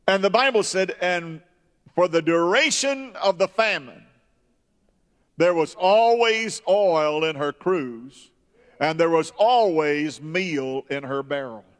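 A man preaching a sermon, slow and emphatic, rising high when stirred. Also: lively intonation. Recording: long hall reverb.

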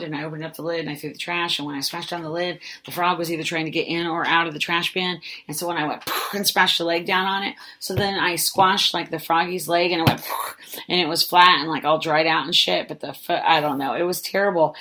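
A woman's voice: sits low, fairly bright tone. A woman hosting a podcast, telling a story in a rambling, self-mocking way, full of "like" and casual swearing. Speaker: podcast host. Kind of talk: casual solo storytelling monologue.

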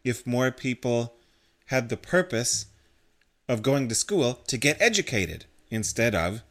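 A man's voice: mid-range voice, animated, unhurried, fairly bright tone. A man co-hosting a casual discussion podcast, explaining ideas at length in a thoughtful way. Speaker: podcast co-host.

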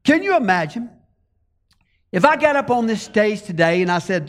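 A man's voice: sits high, very animated, moderate pace, pauses often, long reverb tail. A man preaching a sermon as pastor from a church stage, talking conversationally and asking the congregation rhetorical questions.

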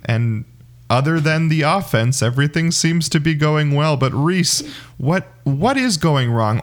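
A man hosts a relaxed sports podcast, teasing his co-host in a playful, easygoing way. His voice is ordinary and mid-pitched. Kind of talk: casual sports podcast chat.

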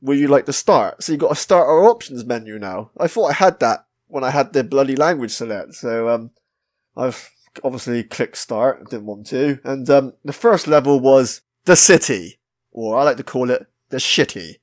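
A man's voice: mid-range voice, moderate pace. A man with a British accent hosting a casual podcast, chatting about a retro game, swearing freely and laughing at himself. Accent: British English. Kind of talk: casual chat.

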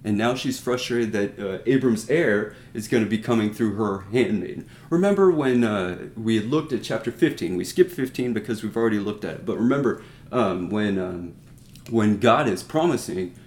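A man's voice: fairly low pitch, lively intonation, normal speed, darkish tone. Earnest man teaching scripture, roomy echo. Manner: earnest, explanatory, with frequent restarts and rhetorical asides. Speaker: Bible teacher. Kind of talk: conversational Bible teaching.

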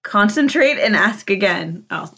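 A woman co-hosting a podcast in casual chat, playful and quick to laugh. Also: medium pitch, expressive, a bit bright. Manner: laughs easily, playful banter. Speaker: podcast co-host.

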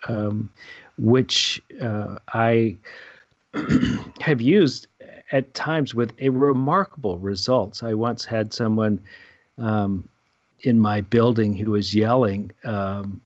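A low-voiced man talks through a prayer practice at an unhurried pace, halting often with fillers and restarts. The recording is dull and dry, with no room sound around him. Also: no echo. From United States. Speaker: meditation teacher. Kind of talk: casual spiritual conversation.

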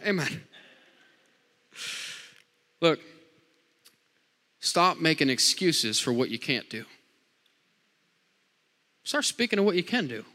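A man's voice: fairly high pitch, very animated, a little slow, long pauses, bright, forceful tone. A man preaching a sermon, joking with the congregation and repeating lines with frequent amens. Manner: jokey, call-and-response preaching with repeated amens. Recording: long hall reverb.

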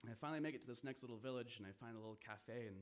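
A man's voice: medium pitch, rapid-fire. A man telling a vivid first-person story to an audience, swearing and laughing now and then.

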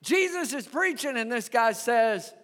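Pastor, male, high animated voice, unhurried delivery, long church-hall reverb. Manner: animated, conversational preaching that asks the congregation questions. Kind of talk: sermon. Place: church sanctuary.

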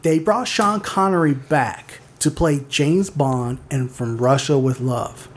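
A man's voice: medium pitch, slow, a little hiss or hum. A man co-hosting a casual movie podcast, rambling and filling his talk with "like" as he corrects himself. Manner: rambling, heavy use of "like", self-correcting. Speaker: podcast co-host.

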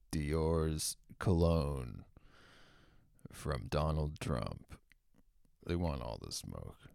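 A man's voice: a bass voice, creaky, dry recording, studio quality. A man delivering a sarcastic, opinionated commentary monologue with mocking, profane asides. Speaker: political commentator.

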